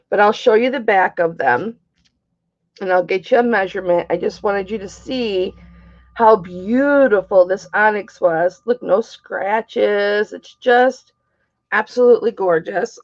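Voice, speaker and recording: Slow, chatty woman selling jewelry. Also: mid-range voice. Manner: chatty, speaks to viewers by name. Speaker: live-stream jewelry seller. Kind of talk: chatty live-stream sales talk. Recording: dull lo-fi stream audio.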